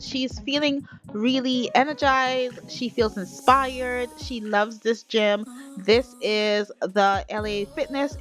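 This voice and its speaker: Woman vlogger, chatty game narration, addresses viewers, mid pitch, faint background music. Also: a bit bright. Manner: chatty, talks straight to viewers. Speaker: gaming vlogger. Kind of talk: life-sim gameplay narration.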